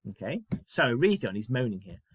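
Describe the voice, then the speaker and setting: A man's voice: mid-range voice, sing-song, fairly quick, breathy edge, no room sound. A man teaching a writing lesson, chatty and self-mocking, explaining step by step. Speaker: primary school teacher.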